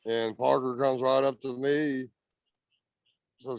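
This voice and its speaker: A man's voice: mid-range voice, flat delivery, slow pace, gravelly, clear, resonant tone, no echo, muffled recording. A man from Indiana, a guest earnestly telling a story in casual chat, often repeating words as he goes. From Indiana, USA.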